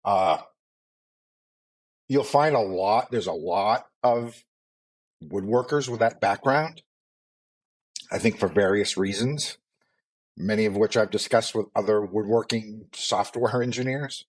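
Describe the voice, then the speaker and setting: Relaxed rambling man with a mild Maine accent. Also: on the low side, a little slow, long pauses. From Maine, USA. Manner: rambling, relaxed, with fillers and asides. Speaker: podcast co-host. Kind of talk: casual chat.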